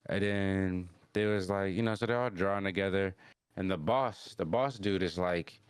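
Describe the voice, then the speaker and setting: A man's voice: sits low, normal speed, smooth, no echo, clean studio sound. A man hosting a podcast, casually recapping an anime episode in a rambling, slangy way with lots of restarts. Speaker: podcast host.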